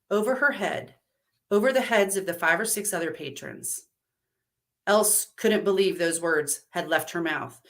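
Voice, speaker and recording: A woman storyteller reading a dark story aloud in an expressive, measured way. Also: lowish voice.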